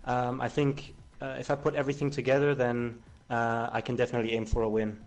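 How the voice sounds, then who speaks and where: A man racing driver answering post-race interview questions, steady but broken by ums and uhs. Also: mid-range voice, fast. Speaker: racing driver, second place.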